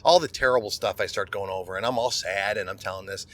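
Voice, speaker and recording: A man's voice: fairly low pitch, fast, fairly bright tone. A middle-aged man, a podcast host, telling a personal story in a candid, conversational monologue and often restarting words.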